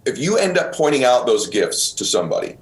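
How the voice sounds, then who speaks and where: A man's voice: mid-range voice, sing-song, fairly quick. A middle-aged man, host of the show, earnestly telling a personal story and getting choked up, calling the listener brother. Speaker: podcast host.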